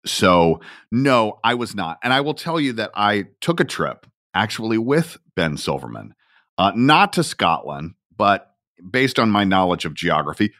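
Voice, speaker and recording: A man's voice: on the low side, a bit bright, dry recording, studio quality. A middle-aged man hosting a podcast, chatty and self-deprecating as he tells stories. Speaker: podcast host. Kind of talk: conversational podcast talk.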